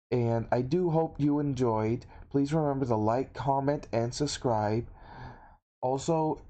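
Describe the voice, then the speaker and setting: A man hosting his own channel, reading an unhurried outro with pauses and fillers. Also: mid-range voice, warm tone. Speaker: channel host. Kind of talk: video outro narration.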